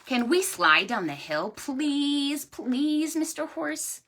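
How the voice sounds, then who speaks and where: A woman voicing a group of small, excited storybook farm animals who squeak and plead for a sleigh ride. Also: slow, slightly rough, exaggerated voice. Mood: eager.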